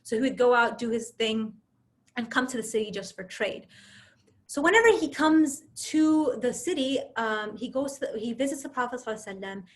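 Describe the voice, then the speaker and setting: Animated woman telling a religious story. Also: on the high side, a little fast. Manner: animated storytelling, frequent restarts and tag questions. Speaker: speaker giving a religious reminder. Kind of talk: casual religious storytelling talk. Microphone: video call.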